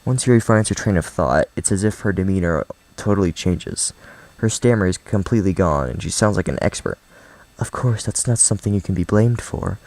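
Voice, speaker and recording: Very low-voiced man reading a game. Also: lively intonation, a little fast, a little mellow, rough recording. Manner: casual, joking asides. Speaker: let's play host. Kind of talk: reading a visual novel aloud with commentary.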